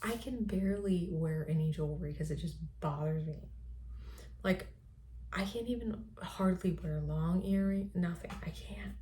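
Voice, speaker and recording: A woman host in a reflective personal monologue, speaking softly and often slipping into a breathy whisper. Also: lowish voice, a little slow, a little hiss or hum. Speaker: podcast host.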